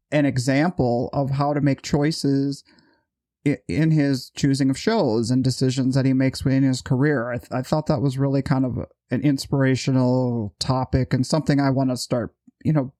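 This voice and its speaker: A man co-hosting a podcast, reflecting on the interview in a thoughtful, measured way. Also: medium pitch, fairly even intonation, mellow, dry recording, clean studio sound. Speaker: podcast co-host. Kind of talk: casual reflective chat.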